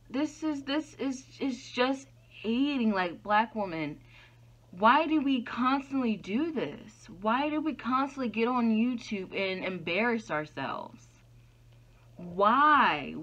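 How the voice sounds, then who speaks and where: Frank woman vlogger, bright voice. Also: mid-range voice. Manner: frank, animated, rhetorical questions. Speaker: YouTuber. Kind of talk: opinion commentary vlog. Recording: dull lo-fi sound.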